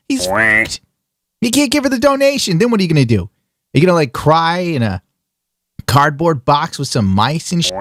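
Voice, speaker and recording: A man's voice: on the high side, sing-song, normal speed, a bit bright. A man giving crude, sarcastic reaction commentary on online clips. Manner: sarcastic, crude mocking asides. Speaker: YouTube commentator.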